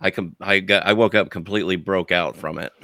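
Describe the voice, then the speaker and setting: A man on a casual podcast, dropping crude deadpan one-liners. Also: low-pitched, brisk, no room sound, studio quality. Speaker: podcast co-host. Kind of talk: casual chat.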